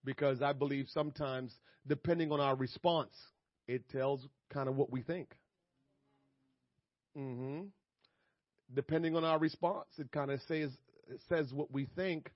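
A man's voice: medium pitch, fairly even intonation, unhurried, pauses often, no echo. A man preaching a sermon as pastor, emphatic and repetitive, chuckling between points, recorded dry and slightly muffled.

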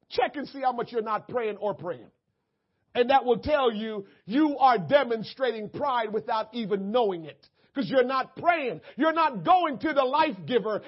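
A male preacher with a very high, lively voice that leaps around as he preaches. He drops to near-murmurs, then shouts and stretches out scripture lines. The sound is dull and lo-fi, like a church service recording. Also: breathy edge. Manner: drawn-out emphatic scripture reading. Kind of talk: sermon.

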